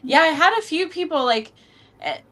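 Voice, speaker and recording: A woman's voice: high voice, animated, moderate pace, a loud crowd. A woman guesting on a podcast, chatting casually and filling her speech with "like". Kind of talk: casual chat.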